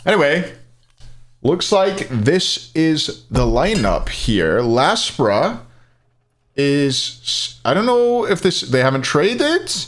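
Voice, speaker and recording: A man's voice: a little high, sing-song, takes it slowly. A man hosting an esports tournament live stream, chatting casually, thinking aloud and answering chat.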